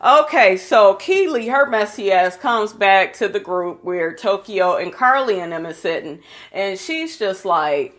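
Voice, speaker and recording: A woman's voice: mid-range voice, expressive, unhurried, few pauses. A woman giving a casual, gossipy recap of a reality TV episode, blunt, opinionated and full of profanity.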